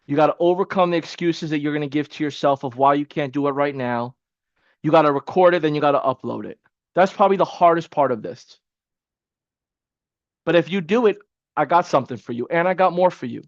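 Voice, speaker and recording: Speaking briskly, a webinar coach with a high voice leads an online training, energetic and casual, repeating points to stress them. His audio has no room sound and is a bit dull, like a cheap webcam mic.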